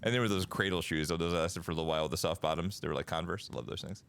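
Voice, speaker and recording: A man's voice: low voice, very fast, vocal fry, smooth. A man co-hosting a parenting podcast, chatty and joking, with lots of fillers. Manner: lively, joking, filler-heavy. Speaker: podcast co-host. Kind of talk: casual podcast chat.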